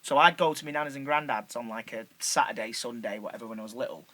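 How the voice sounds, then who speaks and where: Bright-voiced man. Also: mid-range voice, quick pace. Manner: swearing, filler-heavy, restarts. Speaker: podcast co-host. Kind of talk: casual chat.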